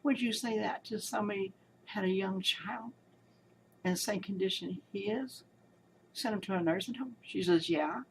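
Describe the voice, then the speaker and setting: A woman's voice: medium pitch, normal speed, gravelly, slight background noise, poor audio. A woman giving casual spoken commentary, telling her story in an indignant, emphatic and rambling way. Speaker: commentator recounting a hospital experience.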